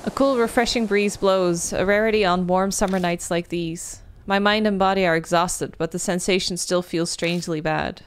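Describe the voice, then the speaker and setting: A woman reading a visual novel aloud as she plays, breaking into loud, animated exclamations and swearing. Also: fairly low pitch, normal speed, few pauses, a little hiss or hum. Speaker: gaming video creator.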